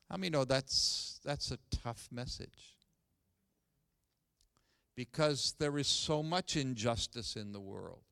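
A man preaching a sermon as pastor, reading scripture with rising emphasis, then growing quiet and earnest. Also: mid-range voice, gravelly, dry recording.

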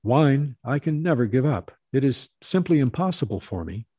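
A man's voice: medium pitch, expressive, normal speed, warm tone, slightly rough, no room sound, clean studio sound, pitched above the performer's own voice. A man voicing a drunken peasant thief who begs and insists, in a raised, emphatic voice. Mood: insistent.

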